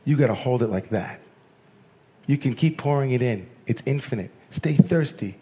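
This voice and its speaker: With a mid-range voice, a man serving as rabbi gives a sermon, moving his storytelling back and forth between animated surges and soft, slow moments.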